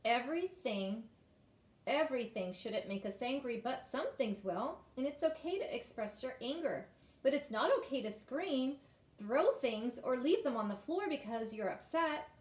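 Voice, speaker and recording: A woman playing a gentle storybook mom. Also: high-pitched, roomy sound, pitched above the performer's own voice. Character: patient, reassuring mother of a young girl.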